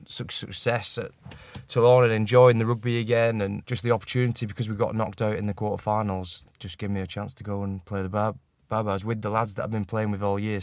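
Gravelly Northern English man chatting. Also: on the low side, dry recording. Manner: laughs often, self-deprecating. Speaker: guest rugby player. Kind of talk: casual chat.

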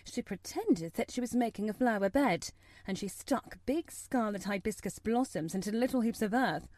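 A woman with a medium pitch narrates a story as an audiobook reader, measured yet expressive. The sound is clean studio audio with no room sound.

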